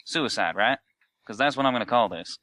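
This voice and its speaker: A man's voice: mid-range voice, lively intonation, fairly quick, sharp tone, dry recording. A man playing in a tabletop game, wry and matter-of-fact. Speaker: player.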